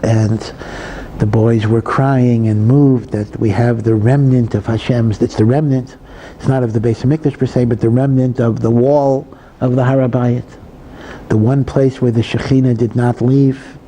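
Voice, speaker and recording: A male rabbi teaches in a very dark, mellow voice, talking casually with frequent asides and restarts. There is a faint hiss behind him. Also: medium pitch, steady tone, normal speed, poor audio. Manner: conversational, many asides and repetitions. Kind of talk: Torah lecture.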